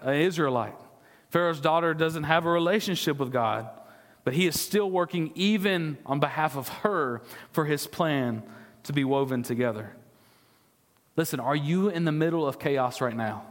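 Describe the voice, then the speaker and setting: A man's voice: a little high, fairly bright tone, in a large hall. A man preaching a sermon as pastor, earnestly asking his congregation questions and sometimes stumbling over repeated words. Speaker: discipleship pastor. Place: church sanctuary.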